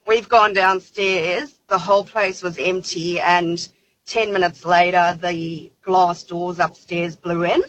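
A woman's voice: lowish voice, fairly even intonation, a little slow, a bit bright, highs cut off. A woman, calling in to tell a personal story in a chatty way with many fillers. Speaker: caller. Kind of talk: telling a personal story on radio.

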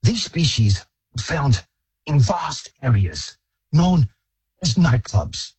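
A caller doing a hushed old nature-documentary narrator. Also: male voice, mid-range voice, very animated, slightly rough, dry recording, heavily acted. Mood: solemn. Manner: slow, grave documentary narration.

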